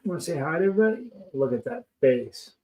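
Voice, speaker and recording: A man's voice: a little high, expressive, fast, muffled recording. A man hosting a live stream, chatting casually and reading out viewer comments in a rambling, friendly way.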